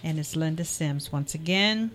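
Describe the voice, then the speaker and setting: A woman's voice: low-pitched, normal speed, slight background noise. A woman hosting a radio talk show, graciously thanking her guest and signing off. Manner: gracious sign-off with soft laughter. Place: radio studio.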